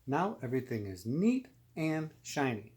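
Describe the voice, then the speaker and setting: A man's voice: medium pitch, very animated, a little slow, a little mellow. A man playing a fussy, house-proud farm wife.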